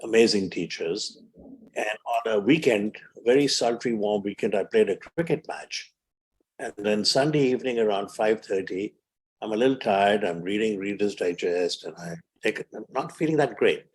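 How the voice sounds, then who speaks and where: A man's voice: lowish voice, normal speed. A man in his seventies from India, telling vivid stories as a podcast guest and acting out the voices he quotes. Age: 70s. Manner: vivid storyteller who acts out quoted voices. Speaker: physician guest. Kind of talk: storytelling in a podcast interview.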